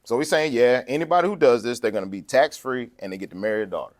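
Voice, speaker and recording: A man preaching a sermon in a lively, conversational way, acting out quotes and laughing along the way. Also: medium pitch, quick pace.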